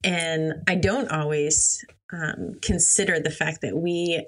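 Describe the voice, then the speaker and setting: A woman's voice: low-pitched, steady tone, takes it slowly. A woman co-hosting a podcast, interviewing her guest in a conversational way with affirming interjections.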